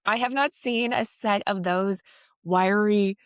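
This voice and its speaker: A woman of middle pitch hosts an interview podcast. She chats in a friendly, easy way with her guest, recorded close and dry. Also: slow pace, clean tone, no echo. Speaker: podcast host. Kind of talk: casual interview chat.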